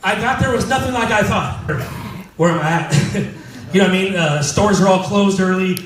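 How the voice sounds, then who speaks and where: High-voiced pastor in a roomy hall. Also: male voice, moderate pace, slight background noise. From California. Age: 30s. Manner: casual storytelling, jokes with the congregation. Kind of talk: sermon. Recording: roomy hall mic from a distance.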